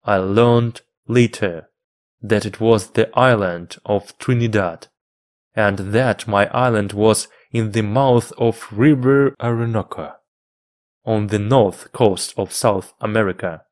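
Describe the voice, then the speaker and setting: A man teaching English by reading a storybook aloud in slow, measured phrases for learners. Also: on the low side, a little mellow.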